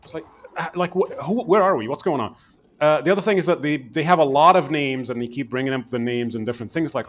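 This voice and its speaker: A man co-hosting a casual game review chat, talking quickly at an ordinary pitch. He is animated and rambling, often restarting his sentences. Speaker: game podcast co-host.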